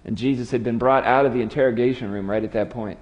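A man preaching with a storyteller's flair, his mid-pitched voice sinking to near hush for solemn moments. The long reverb of a large hall trails after every phrase. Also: fairly even intonation, quick pace. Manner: storytelling, dramatic drops to quiet. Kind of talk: sermon.

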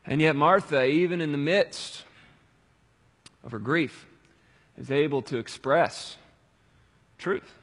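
A man preaching a sermon, swinging between loud pleading cries and quiet, reflective reading. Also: fairly high pitch, slow pace, pauses often, breathy edge, long reverb tail. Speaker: pastor.

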